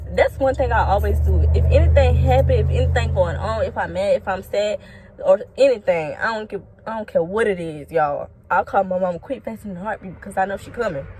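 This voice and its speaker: A woman's voice: fairly high pitch, fairly quick, breathy edge. Blunt, profane young woman telling a story. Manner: blunt, profane, animated, talks straight to viewers. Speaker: storytime vlogger. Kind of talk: casual storytime.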